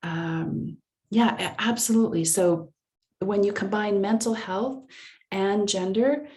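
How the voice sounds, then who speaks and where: A woman's voice: mid-range voice, slow pace, darkish tone. A woman presenting a live online workshop, answering audience chat comments aloud in a conversational way, often restarting her sentences as she thinks aloud. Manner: frequent restarts and fillers while thinking aloud.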